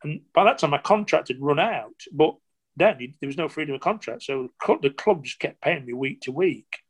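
A man's voice: fairly high pitch, lively intonation, brisk, husky. An older man from England, a former footballer telling rambling stories in an interview, full of restarts and quoted dialogue. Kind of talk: interview storytelling.

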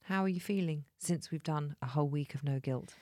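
A woman co-hosting a podcast, chatty and bubbly in quick banter. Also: low voice, a little mellow, no room sound, clean studio sound. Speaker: podcast co-host. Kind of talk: casual chat.

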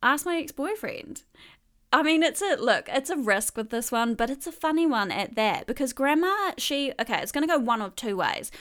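A young woman riffs through a comedic column. Her voice sits a little high, and she drifts into rambling asides, laughing as she goes. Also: lively intonation, a little fast, hardly any pauses, a bit bright. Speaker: podcast host reading her column. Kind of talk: casual comedic monologue.

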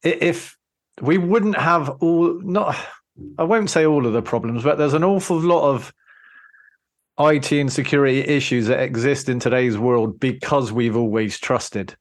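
A British-accented man hosts a podcast interview and lays out his views in a thoughtful, explanatory way. His voice sits at a medium pitch. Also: measured pace. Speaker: podcast host. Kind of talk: casual interview talk.

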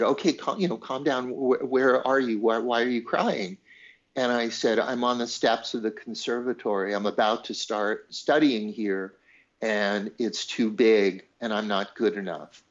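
A man talks through a personal story as an interview guest, slipping into the voices of the people he quotes. His voice sits at a middle pitch. The recording sounds a little dull and lo-fi. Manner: animated storyteller, acts out quoted voices, laughs. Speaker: songwriter guest. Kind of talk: conversational storytelling.

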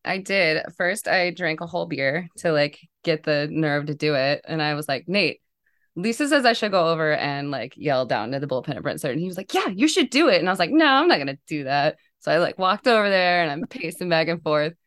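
A woman co-hosting a fan podcast, telling stories in a casual, animated way with frequent laughter. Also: sits low, brisk. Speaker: podcast co-host. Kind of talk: casual chat.

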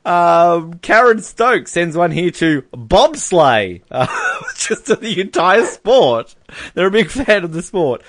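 Man, casual podcast chat, laughing often, lively, dry close sound. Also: fairly high pitch, measured pace, no room sound. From Australia. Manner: chatty, amused, laughs often. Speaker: podcast co-host. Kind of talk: casual chat reading fan messages.

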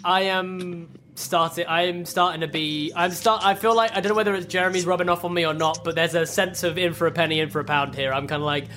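A woman playing a tabletop game, reacting loudly and swearing often. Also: on the low side, fairly even intonation, quick pace, hardly any pauses, soft background music. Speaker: player.

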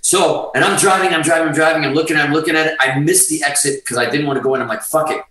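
A middle-aged man, a guest musician, telling a story in a casual, animated way, swearing constantly and restarting his sentences. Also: on the high side, rapid-fire. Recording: roomy sound, distant from the mic.

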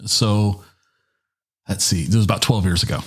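A middle-aged man tells a story in a relaxed, lively way. His voice is low and husky, and he jumps higher when he quotes others. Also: normal speed. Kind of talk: casual storytelling.

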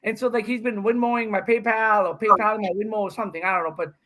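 Excitable joking man in his fifties. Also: high voice, quick pace. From India. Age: 50s. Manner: excitable, joking, rambling storyteller. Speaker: podcast guest, pickleball pro. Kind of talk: casual chat.

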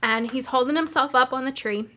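A woman co-host with a somewhat high voice, teasing her partner in dry, casual podcast banter. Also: a little fast, sharp tone.

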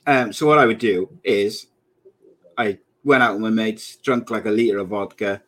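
A man's voice: on the low side, steady tone, normal speed. A man in his thirties co-hosting a podcast in casual, joking chat, often laughing at his own jokes. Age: 30s. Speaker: podcast co-host.

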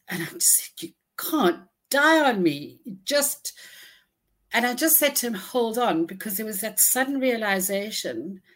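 A woman recounting a personal ordeal in an interview, halting and restarting often, audibly shaken but holding herself together. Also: medium pitch. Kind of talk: emotional first-person storytelling.

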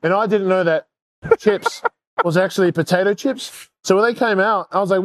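A young man from Australia chats as a guest, spinning animated, playful stories. His voice sits high for a man. The sound is close and dry, with no room around it. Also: moderate pace, no room sound. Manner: animated storyteller, playful outbursts. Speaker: guest, football player. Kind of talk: casual chat.

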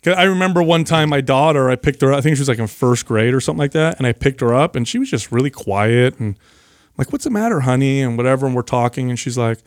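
A man's voice: medium pitch, fast talker, dry recording, clean studio sound. A man in his forties chatting casually as a podcast co-host, telling stories with joking, emphatic exaggeration. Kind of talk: casual chat.

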